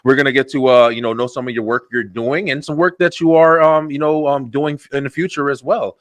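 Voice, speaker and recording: A man with a New Jersey accent hosting a web show over a video call, talking fast and excitably with lots of slang and fillers. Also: mid-range voice, no room sound. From Elizabeth, New Jersey. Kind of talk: casual interview chat.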